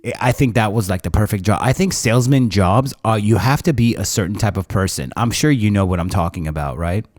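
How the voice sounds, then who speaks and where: A man in his thirties hosting a podcast, telling long rambling stories in loose slang and throwing in bro every few lines. His voice sits a little low. The sound is dry and close. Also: lively intonation, fairly quick, a little mellow, no room sound. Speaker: podcast host. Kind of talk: casual storytelling chat.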